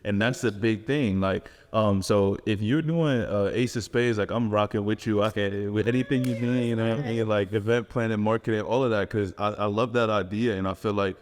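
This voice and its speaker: Male podcast host, lowish voice, filler-heavy casual delivery, reverberant room. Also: fairly even intonation, brisk, hardly any pauses. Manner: loose, filler-heavy talk with lots of "like". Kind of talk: casual chat.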